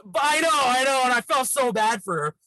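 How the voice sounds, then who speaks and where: A young man with a high, bright voice tells a story as a podcast guest, chatty and loose, leaning on "like" and acting out the lines of the people in it. He is from Canada, and the sound is close and dry, with no room around it. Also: animated, fairly quick, no echo, rough recording. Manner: chatty, full of "like", acts out quoted voices. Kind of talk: casual storytelling.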